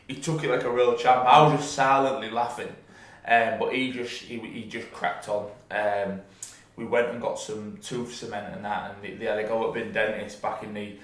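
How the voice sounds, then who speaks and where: A man's voice: lowish voice, level tone, moderate pace, a bit bright, reverberant. A young man, co-hosting a podcast and telling stories in a loose, chatty way with casual swearing. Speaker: podcast co-host. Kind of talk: casual chat.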